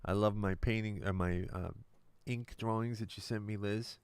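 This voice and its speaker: A male musician and producer chatting casually on a live stream from his recording studio, relaxed and explanatory. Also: lowish voice, normal speed, clear, resonant tone, dry recording.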